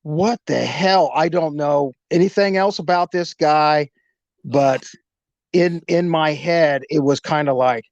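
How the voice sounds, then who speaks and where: A man telling a story as a guest, in a casual, animated way, acting out the dialogue. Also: a little high, unhurried, no room sound. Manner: animated, acts out the dialogue, swears. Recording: slightly dull lo-fi sound.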